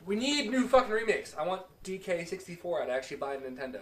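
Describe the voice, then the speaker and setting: High-voiced buzzed dude cracking blunt jokes, bouncy tone, echoey room. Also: male voice, big pitch swings, fast talker, fairly bright tone, a little hiss or hum. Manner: blunt, joking and heavy on profanity. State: tipsy. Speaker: podcast co-host. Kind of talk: casual chat. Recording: echoey room, mic at a distance.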